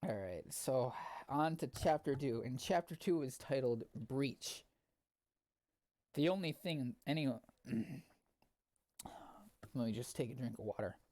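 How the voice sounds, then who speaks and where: A man's voice: mid-range voice, lively intonation, measured pace, pauses often, a little mellow. A man reading fan fiction aloud with sardonic asides, often stumbling over the text. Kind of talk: comedic dramatic reading with asides.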